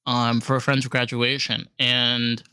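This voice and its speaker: A man's voice: medium pitch, slow, clear, resonant tone, no room sound. A man with a New York accent co-hosting a podcast in casual chat, telling stories emphatically and swearing. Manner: animated, emphatic storyteller who swears. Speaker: podcast co-host.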